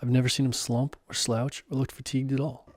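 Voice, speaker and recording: A man's voice: mid-range voice, level tone, brisk, no room sound, studio quality. A man narrating his own first-person story in an earnest, self-deprecating way. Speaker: author and narrator.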